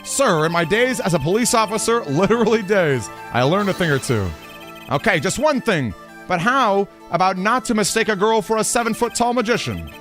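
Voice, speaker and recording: A man doing a loud stammering bailiff. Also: sits high, big pitch swings, moderate pace, faint music behind. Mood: nervous blustering. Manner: stammering, shouting, keeps saying sir. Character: jittery loud male police bailiff.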